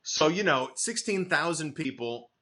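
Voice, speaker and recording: A middle-aged male comedian from the Boston area, telling animated stories in casual chat and acting out quotes. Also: fairly high pitch, unhurried. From Boston area, USA. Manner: animated anecdotes, acts out quotes, laughs often. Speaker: comedian guest.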